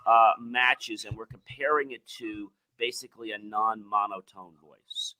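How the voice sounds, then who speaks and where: A man hosting a podcast, talking casually and telling animated stories, mimicking other people's voices. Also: on the low side, a little slow, rough recording. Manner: animated storyteller, acts out quoted voices. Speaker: podcast host.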